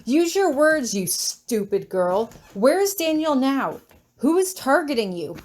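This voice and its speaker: A man's voice: sits high, slow pace. Commanding older male professor, clipped and stern, played by a woman reading. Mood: harsh.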